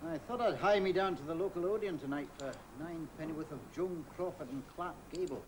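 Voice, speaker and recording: A man's voice: fairly high pitch, a little fast, natural voice. An actor playing a teasing, well-read Scottish factory worker, a middle-aged man with a Scottish accent and an ironic way with words. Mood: wry. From Scotland. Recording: hissy old television broadcast.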